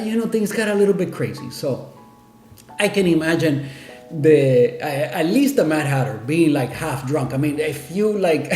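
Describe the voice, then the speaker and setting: A man hosting a home coffee video tells a loose, rambling story full of fillers. His voice sits a touch high, and the room is echoey. Faint music plays under him. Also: darkish tone. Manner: rambling, laughing, many fillers. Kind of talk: casual storytelling.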